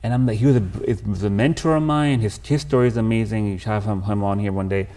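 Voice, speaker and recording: A man's voice: lowish voice, fast talker, mellow. A man, a podcast guest telling his life story candidly and emotionally, calling the host "bro". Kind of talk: casual storytelling interview.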